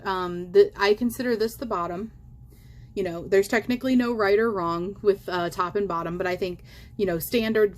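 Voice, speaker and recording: A woman's voice: medium pitch, a little hiss or hum. Chatty young woman crocheting at home. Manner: chatty, filler-heavy, self-correcting. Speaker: crochet vlogger. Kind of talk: casual how-to chat while crocheting.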